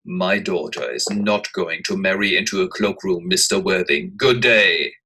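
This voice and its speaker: A man's voice: low voice, a little slow, pushed and bright, husky, full character voice. A man voicing a haughty, commanding older society matron who speaks in clipped, disapproving orders. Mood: imperious.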